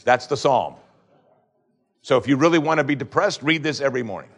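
A man preaching a sermon, reading scripture and shifting between loud pleading questions and low, hushed lines. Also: animated, brisk.

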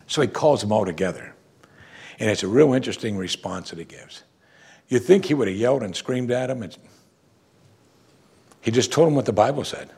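A man's voice: on the low side, expressive, a little fast, gravelly, pauses often, a little mellow, husky. A man preaching a sermon as a pastor, talking in a conversational way and asking his listeners rhetorical questions.

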